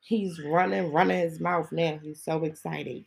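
Gravelly, husky woman ranting. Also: low voice, fairly even intonation, measured pace, hardly any pauses, rough recording. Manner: heated, indignant, repetitive rhetorical questions. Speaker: podcast host. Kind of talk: casual ranting monologue.

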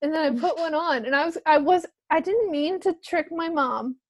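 Chatty high-voiced young woman. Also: moderate pace, no echo. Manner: chatty storyteller, many "like"s, laughs often. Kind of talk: casual chat.

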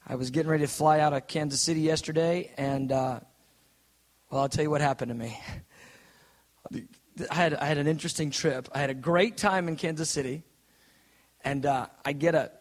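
A middle-aged man preaching a sermon, moving from an earnest prayer into a lively personal story, intense and direct. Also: a little high, a little fast, long pauses. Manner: intense, earnest, quotes others in put-on voices.

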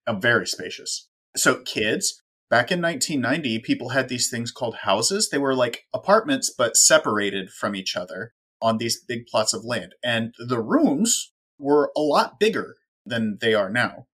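A man's voice: medium pitch, big pitch swings, normal speed, a bit bright. A man co-hosting a casual talk show, making wry, sarcastic asides. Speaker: podcast co-host. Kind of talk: casual chat.

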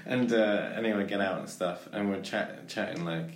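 A man's voice: low-pitched, normal speed, reverberant. A man casually chatting and telling a rambling anecdote, full of restarts and fillers.

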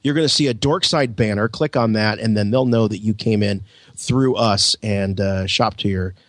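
A man's voice: lowish voice, moderate pace, a bit bright, dry recording. A man co-hosting a podcast in an easygoing, chatty casual chat. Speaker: podcast co-host.

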